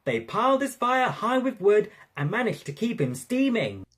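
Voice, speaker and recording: A narrator reading a railway storybook aloud in an expressive, lively way. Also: mid-range voice, moderate pace, breathy edge.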